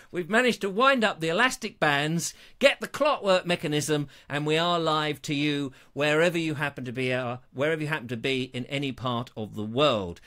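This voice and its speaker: A man's voice: on the high side, normal speed, pushed and bright. A man hosting his own live show, chatting in a rambling, self-mocking, jokey way. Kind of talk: chatty live-stream banter.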